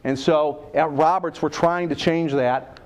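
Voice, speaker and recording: A middle-aged man delivers a business lecture to a live room, his voice sitting a little high for a man. He tells stories, acts out the quoted dialogue, and turns to the audience with questions. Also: steady tone, unhurried, a little mellow. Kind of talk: lecture with storytelling.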